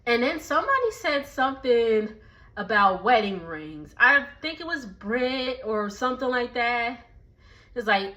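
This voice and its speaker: A woman giving a casual, gossipy recap of a reality TV episode, chatty and quick to laugh. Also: a little high, sing-song, bright, forceful tone. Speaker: TV recap vlogger. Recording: dull lo-fi sound.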